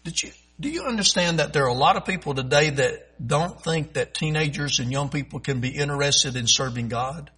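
Bright, husky-voiced folksy preacher man. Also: fairly high pitch, rough recording. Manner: folksy, emphatic preaching with sudden loud swells and slow drawn-out phrases. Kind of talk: sermon.

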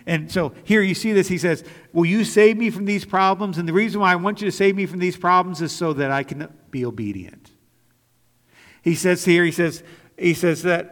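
A man in his forties, a pastor preaching a sermon, earnest and emphatic, dropping to a quieter storytelling tone at times. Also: fairly high pitch. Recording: long hall reverb.

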